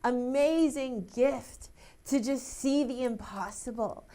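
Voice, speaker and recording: A woman's voice: high-pitched, slow pace, dark tone. A young woman working as a psychic medium, relaying messages emotionally, laughing and close to tears. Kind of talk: live TV psychic reading.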